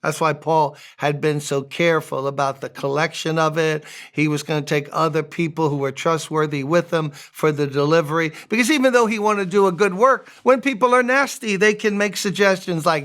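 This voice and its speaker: A man's voice: on the high side, moderate pace, hardly any pauses, fairly bright tone. A man, a pastor, giving a conversational devotional sermon, making joking asides and reading scripture aloud.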